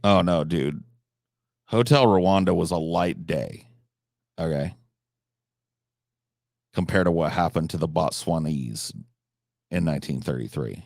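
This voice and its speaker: A man's voice: extremely low pitch, a little slow, vocal fry, pauses often, a little mellow, no room sound, clean studio sound. A man streaming a game live, talking to his chat in a profane, mock-serious, theatrical way. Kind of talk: casual live-stream chat while gaming.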